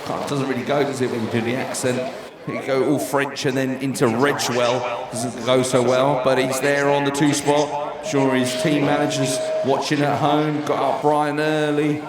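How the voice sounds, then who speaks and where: A man's voice: medium pitch, moderate pace. Joking male BMX commentator on echoey PA. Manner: jokey, lively asides between rider calls. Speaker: race commentator. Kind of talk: live sports commentary. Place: outdoor BMX race track. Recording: echoey PA sound with crowd noise.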